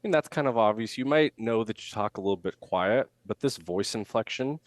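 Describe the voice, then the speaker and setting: A man talking as a communication coach in a podcast interview, lively and demonstrative, acting out speech examples as he explains. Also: lowish voice, a little fast, dry recording, studio quality. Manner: animated, acts out rising intonation examples.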